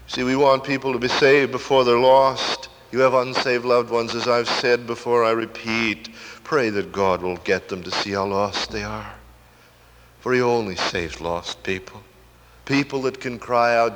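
A man's voice: medium pitch, fairly bright tone. A man preaching a sermon with fervent, rising intensity and impassioned cries. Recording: echoey hall, faint hiss and clicks.

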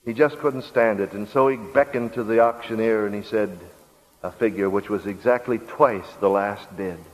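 A man preaching a sermon through a story, softly repeating his key phrases for emphasis. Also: fairly low pitch, normal speed, in a large hall, poor audio. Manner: soft, repetitive emphasis.

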